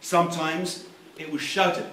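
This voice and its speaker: A man reading a novel aloud at a live event, theatrical and expressive. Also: fairly high pitch, measured pace. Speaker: reader. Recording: echoey room, distant mic, faint noise.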